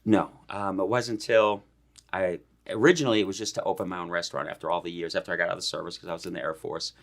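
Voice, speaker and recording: Very deep, gravelly-voiced male chef. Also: steady tone, racing. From Boston, USA. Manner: easygoing, short agreeing replies. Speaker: chef, interview guest. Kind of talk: casual interview chat.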